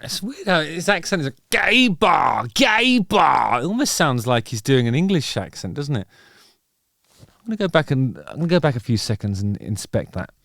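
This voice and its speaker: A man's voice: medium pitch, very animated, brisk, no room sound, studio quality. A middle-aged man hosting a casual music video reaction, rambling and wry with playful digressions.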